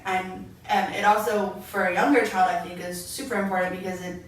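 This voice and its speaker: A woman's voice: medium pitch, a little fast. A young adult woman co-hosting a podcast, telling stories in casual chat and acting out her own past words. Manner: animated storyteller, quotes herself. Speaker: podcast co-host. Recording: echoey room, mic far off, faint noise.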